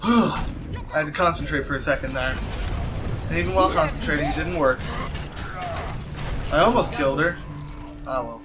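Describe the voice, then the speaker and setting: A man giving casual gameplay commentary, excitable, shouting in frustration and cheering his team on. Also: fairly high pitch, normal speed, pauses often. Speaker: gaming video host. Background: game music and sound effects.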